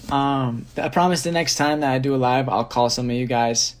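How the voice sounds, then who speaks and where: A young man, a dancer, answering fan questions on a phone live stream, relaxed and rambling, reading each question aloud. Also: mid-range voice, moderate pace, few pauses. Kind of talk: casual live-stream chat.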